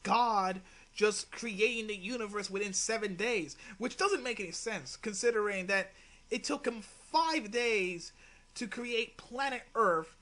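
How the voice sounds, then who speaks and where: High, bright-voiced exasperated man. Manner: exasperated, sighing, profane. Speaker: channel host responding to a video. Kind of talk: casual commentary rebuttal.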